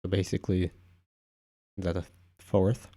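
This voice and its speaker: A man's voice: deep voice, little pitch movement, takes it slowly, mellow. A man hosting a casual live stream, rambling offhand through viewer comments with frequent asides. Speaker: livestream host.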